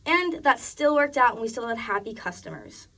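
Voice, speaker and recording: A woman's voice: a little high, animated, normal speed, bright, forceful tone, distant mic. A young woman giving a personal narrative speech, chatty and full of restarts. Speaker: student speaker.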